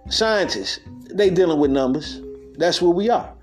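A man with a slightly high voice talks in a loose, street-talking monologue on spiritual matters. He laughs often and acts out quotes. Soft music runs under him. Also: animated, normal speed. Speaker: podcast host.

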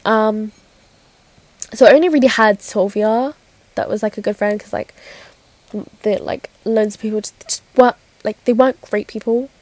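A woman's voice: medium pitch, normal speed, long pauses, darkish tone, no room sound. A young woman telling a personal story in casual chat, giggly and rambling with many fillers and restarts. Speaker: podcast host.

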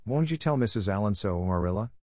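A man reading the lines of an excitable orphan girl, pleading in a gushing, dramatic way. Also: fairly low pitch, fast talker, no echo, clean studio sound, lightly acted. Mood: despairing.

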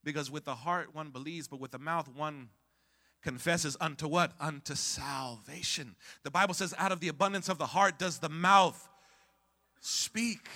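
A male pastor preaching a sermon who calls on the congregation to answer back, swings from hushed to loud, and stumbles over repeated words when worked up. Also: on the high side.

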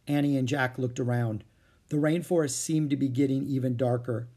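A man's voice: medium pitch, steady tone, normal speed, darkish tone. A man reading a children's chapter book aloud, changing voices for the characters. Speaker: storyteller.

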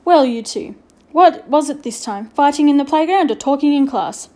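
A woman's voice: high voice, lively intonation, normal speed, mellow, pitched above the performer's own voice. A woman reading aloud and voicing an irritable, sarcastic male headmaster in a storybook. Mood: stern. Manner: sarcastic, snapping.

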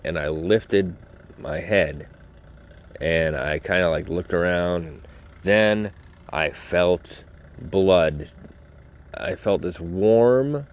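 Low-pitched male podcast host; loose, chatty, informal storyteller who talks right to his listeners. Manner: rambling, informal, swears, talks straight to listeners. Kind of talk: casual storytelling.

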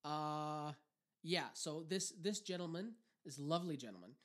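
This podcast co-host from Canada has a fairly high, fairly bright voice and talks at a moderate pace. The chat is casual, rambling and profane, punctuated by frequent laughter.

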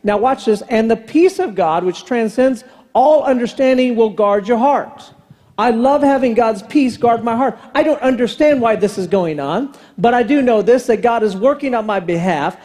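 A man, a pastor, preaching a sermon in an animated, conversational way with rhetorical questions. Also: very high-pitched.

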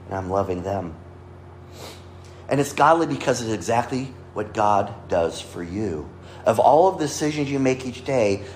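A man's voice: mid-range voice, a little mellow, a little hiss or hum. A man preaching a sermon, earnest, quoting scripture and lifting or dropping his voice for emphasis. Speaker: pastor. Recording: echoey room with faint ambience.

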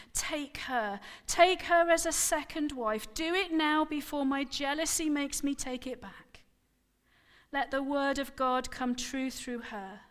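A woman's voice: fairly bright tone, clean tone, long reverb tail. A woman voicing a bitter, anguished older woman who has no children, in a dramatic scripted reading of a sermon passage. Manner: pleading, high-strung.

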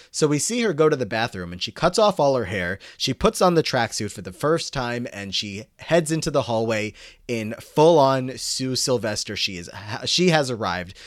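A man's voice: medium pitch, no room sound. Man recapping a show, dry sound. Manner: animated scene recapping with quoted lines. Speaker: podcast host. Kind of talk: casual recap chat.

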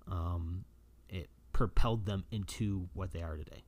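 Gravelly low-voiced excited fanboy. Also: male voice, unhurried. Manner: excited fanboy, many fillers and restarts. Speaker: vlogger and comic collector. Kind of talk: casual rambling talk to camera.

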